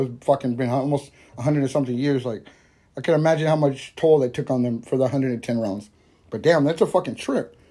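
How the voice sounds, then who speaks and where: A young man with a mellow, dark-toned voice hosts a loose, casual podcast. He rambles from thought to thought, swears constantly and breaks into laughter often. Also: a little high, breathy edge. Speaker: podcast host. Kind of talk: casual stoner podcast chat.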